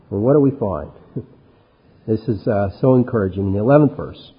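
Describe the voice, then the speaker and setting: A man's voice: fairly low pitch, expressive, fairly quick, breathy edge. A man preaching an expository sermon, reading scripture aloud with rising force and then commenting in a conversational way. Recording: lo-fi recording with long hall reverb.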